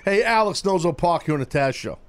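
A man hosting a radio show, teasing his cohost and callers in loud, casual banter. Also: high voice, expressive, a little fast. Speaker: radio host.

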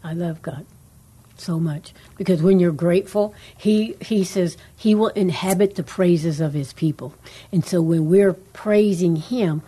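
A woman co-hosting a casual faith talk show, rambling and earnest, trailing off into soft asides. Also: lowish voice, measured pace, husky. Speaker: co-host.

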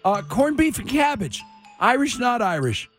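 A man's voice: extremely high pitch, big pitch swings, moderate pace. A man hosting a casual radio show, joking and running a quiz with his co-hosts. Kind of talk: casual morning radio banter. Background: music bed.

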